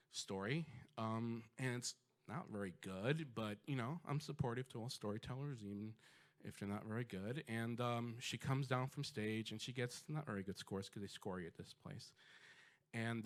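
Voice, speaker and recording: Chatty male storyteller full of fillers. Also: medium pitch. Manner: conversational, lively, with many fillers. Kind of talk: live personal storytelling. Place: storytelling stage before an audience.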